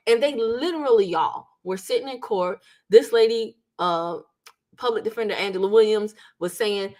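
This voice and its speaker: A woman's voice: medium pitch, normal speed. A woman hosting a legal commentary channel, talking casually to her viewers and acting out what the people in court said. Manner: chatty, addresses viewers as "y'all", acts out quotes.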